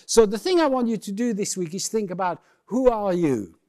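A man's voice: sits high, lively intonation, normal speed, darkish tone. A man giving a humorous, conversational keynote talk on a conference stage, full of playful asides. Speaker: keynote speaker.

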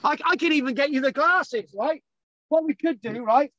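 Exasperated high-voiced man lecturing. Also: moderate pace, a bit bright, no echo, lo-fi sound. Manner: exasperated, bantering, swearing often. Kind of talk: casual online lecture.

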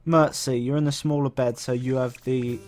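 A young man casually commentating his gameplay, swearing a lot, getting excited and reading game options aloud. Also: mid-range voice, normal speed. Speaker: let's play host.

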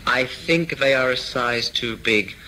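A man voicing a polite young woman shopping, in a slow English lesson reading. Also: medium pitch, pushed and bright, slight background noise, low-quality recording.

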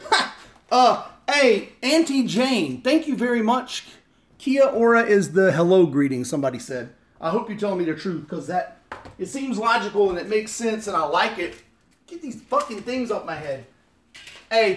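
Lively-voiced profane male vlogger. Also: sits high. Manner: profane, joking, rambling. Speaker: vlogger opening fan mail. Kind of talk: casual live-stream chat. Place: home in Las Vegas.

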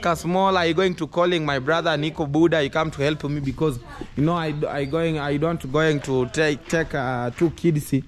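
A man's voice: a little high, fairly even intonation, moderate pace. A man talking casually to camera in broken English and coaxing his young children, in a home family vlog. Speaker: vlogger.

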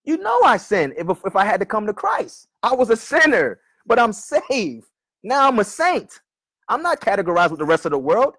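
A male preacher arguing with a commenter online, often calling him brother and reading scripture slowly and repeatedly. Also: high voice, big pitch swings, fairly bright tone. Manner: argumentative, keeps addressing "brother", reads verses slowly and repeats them.

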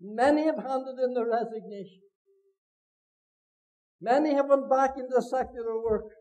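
A man with a Northern Irish accent, preaching a sermon as pastor, swinging between loud cries and hushed low lines. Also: measured pace, rough recording. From Northern Ireland. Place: church meeting hall.

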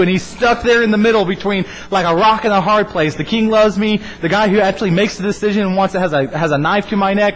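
Male youth pastor, high-pitched and lively, echoey hall, faint hum behind. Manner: animated, acts out characters' lines in quick voices. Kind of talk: sermon retelling a Bible story.

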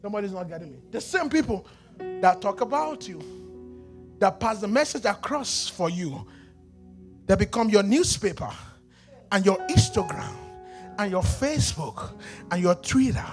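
A male pastor with a Nigerian accent preaching a sermon in a church, moving between hushed passages and shouted, sing-song calls to the congregation. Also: high-pitched, big pitch swings, moderate pace, pauses often, soft background music.

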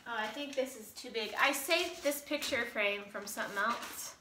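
A woman's voice: a little high, moderate pace, sharp tone, echoey room, a little hiss or hum. A woman vlogger opening fan mail in casual chat, gushing and emotional, close to tears.

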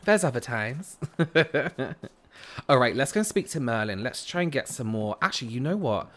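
A man's voice: medium pitch, expressive, moderate pace, fairly bright tone. A man from the United Kingdom streaming a game, chatting casually and answering viewer comments as he plays. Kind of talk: casual live-stream chat.

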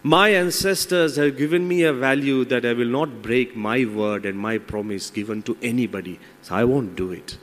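A man's voice: mid-range voice, moderate pace, few pauses, close to an everyday voice. A man voicing a loyal monkey in a fable, firm and indignant about keeping his word. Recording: long hall reverb.

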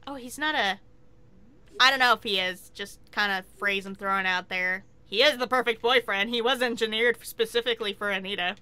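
A woman chatting casually while playing a video game, excitable and quick to swear and laugh. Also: medium pitch, clean tone. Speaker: game streamer. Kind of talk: casual gameplay commentary.

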